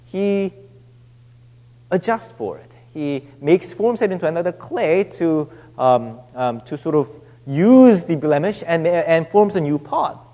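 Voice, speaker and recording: High-voiced man preaching in a reverberant hall. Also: sing-song. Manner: halting, many restarts and fillers, drops to a hush on scripture. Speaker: pastor. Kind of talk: sermon. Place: church sanctuary.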